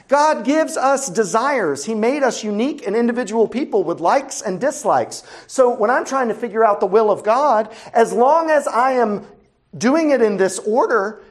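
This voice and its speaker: Wry, conversational male pastor preaching. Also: sits high. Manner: asks the listeners rhetorical questions. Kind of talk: sermon.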